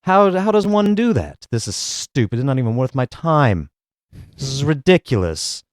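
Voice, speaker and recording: A man's voice: mid-range voice, normal speed, no room sound, clean studio sound. A man hosting a reaction podcast, chatting casually and swearing as he laughs and mocks outtakes. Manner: profane, laughing, animated mockery. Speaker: podcast host.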